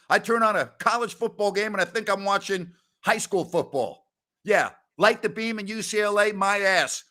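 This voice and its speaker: A man hosting a sports radio show, ranting loudly and sarcastically. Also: sits high, moderate pace.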